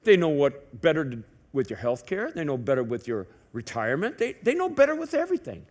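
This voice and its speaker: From the pulpit of a church sanctuary, a pastor preaches in a lively, swooping voice that climbs and drops widely and sits high for a man. He talks fairly quickly and conversationally, like a friend to the congregation, firing rhetorical questions and slipping in wry joking asides.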